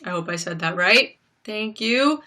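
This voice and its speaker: A young woman hosting a livestream, softly reading out chat comments and thanking viewers, on a built-in laptop mic at home. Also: medium pitch, lively intonation, a little slow. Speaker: livestream host.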